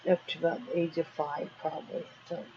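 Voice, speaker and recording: A woman's voice: low-pitched, a little fast, dull audio, a little hiss or hum. A woman filming a casual home vlog in her RV, scolding her dogs playfully and rambling through her day with lots of ums. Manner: relaxed rambling daily update with many ums. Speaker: vlogger.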